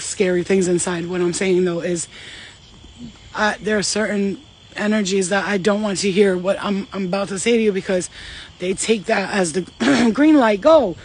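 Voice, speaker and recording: A woman's voice: mid-range voice, darkish tone, husky. A woman speaking as a spiritual medium in a casual channeling vlog, rambling, emphatic and swearing freely.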